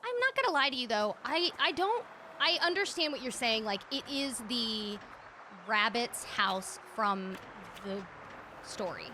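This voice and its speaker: Animated, high-voiced woman streamer. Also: measured pace, noisy background. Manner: candid, animated, chatty. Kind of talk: casual gaming livestream chat.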